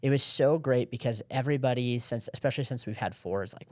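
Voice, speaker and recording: A young man co-hosting a podcast, telling stories in a relaxed, rambling way. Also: medium pitch, quick pace, no room sound, clean studio sound. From Southern California. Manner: relaxed, rambling storytelling with laughs. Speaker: podcast co-host. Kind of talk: casual chat.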